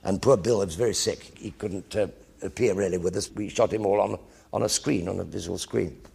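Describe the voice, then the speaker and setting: An older English man telling lively anecdotes about his acting career in a one-man stage show, acting out the colleagues he quotes. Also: low voice, brisk, gravelly, husky. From England.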